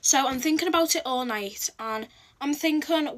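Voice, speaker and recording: A woman telling a personal story in casual storytime chat, expressive and full of "like". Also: sits high, normal speed, a little hiss or hum. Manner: chatty, expressive, heavy use of "like", acts out quotes. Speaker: storytelling vlogger.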